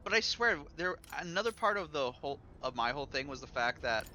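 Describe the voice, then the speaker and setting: Animated high-voiced man ranting. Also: brisk. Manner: animated ranting, swears often. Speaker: streamer. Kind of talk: casual gaming chat.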